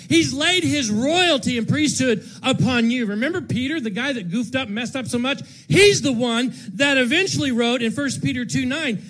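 A man preaching an Easter sermon to his congregation, moving from hushed tones to shouts and repeating his words for emphasis. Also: extremely high pitch. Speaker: pastor. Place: church sanctuary with congregation.

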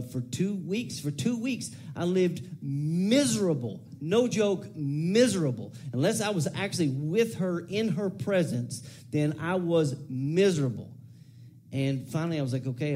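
A man in his forties gives a loose, chatty sermon, drifting into asides and restarting his sentences as he goes. His voice sits a little high for a man but sounds soft and mellow. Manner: casual, rambling, with many restarts and asides. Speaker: preacher. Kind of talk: conversational sermon.

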